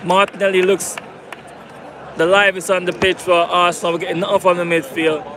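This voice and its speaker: Fairly quick and flat in delivery, a high-voiced man runs a live commentary stream of a football match from the stands as a fan. He says the same things over and over, pumps up his audience, and asks for likes and subscriptions. The stadium crowd is loud, and outdoor noise comes through clearly.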